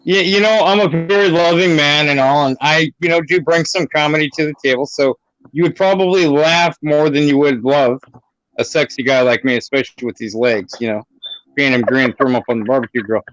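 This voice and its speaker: A man's voice: fairly high pitch, brisk, fairly bright tone, dry recording, muffled recording. A man calling in to a casual online talk show, joking crudely and flirting. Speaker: caller.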